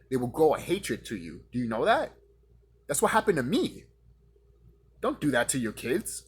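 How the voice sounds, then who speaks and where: A man delivering a profane, confrontational rant straight at his audience, now and then mocking his critics in a higher voice. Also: very animated, fairly quick, breathy edge. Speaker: vlogger ranting to camera.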